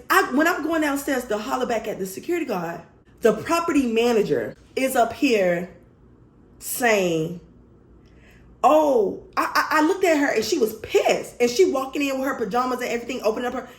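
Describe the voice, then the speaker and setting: Woman, vlogger, casual storytime, animated, blunt, profane, fairly high voice, echoey room. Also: a little fast.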